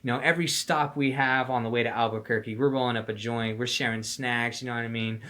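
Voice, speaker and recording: A man's voice: mid-range voice, fairly even intonation, fast, pushed and bright. A young man telling a story in casual slang, rambling and profane, acting out the voices of the people he quotes. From Phoenix, Arizona. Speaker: storyteller vlogger.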